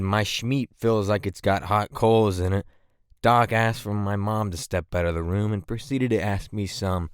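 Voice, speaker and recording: A man's voice: fairly low pitch, no room sound, clean studio sound. A man in his twenties narrating comedic storytime anecdotes with crude, self-mocking humor.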